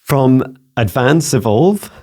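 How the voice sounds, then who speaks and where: A Scottish man relaying psychic messages to viewers in a casual solo talk, halting and searching for words as he goes. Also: medium pitch, animated, dark tone. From Scotland. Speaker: psychic mentor answering viewer questions. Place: home with a laptop.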